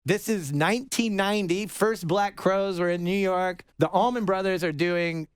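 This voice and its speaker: A man's voice: sits high, moderate pace. A middle-aged man from Georgia, a guest musician telling stories in casual, profane chat. He rambles and acts out the people he quotes. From Georgia, USA. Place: radio studio.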